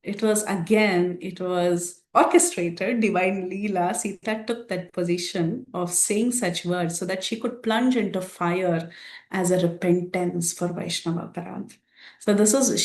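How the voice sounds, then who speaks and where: A woman teaches a scripture class and tells the story in a lively, animated way, often breaking into a laugh. Her voice sits at a middle pitch. The recording is roomy, with a clear echo around her. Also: normal speed.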